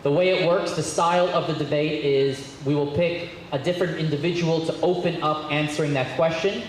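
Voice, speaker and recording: A male rabbi with a slightly high voice opens a debate as moderator, genial and repeating himself now and then. His voice rings through a very echoey synagogue hall with faint noise behind. It sounds like a speech from the podium. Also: steady tone, a little fast. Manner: genial, repeats phrases, occasional restarts. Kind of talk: public address, opening remarks.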